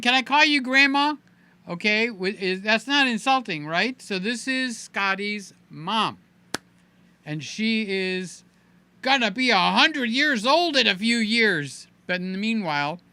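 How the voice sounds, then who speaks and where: A man's voice: sits high, animated, slow pace, sharp tone, smooth, no echo. A man hosting a casual livestream, playful and chatty, greeting viewers by name. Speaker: livestream host.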